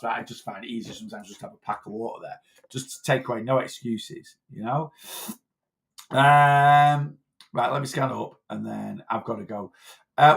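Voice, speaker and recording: A man's voice: medium pitch, fairly bright tone. A man giving casual weight-loss advice in a vlog, blunt and chatty, often tagging his points with "right?".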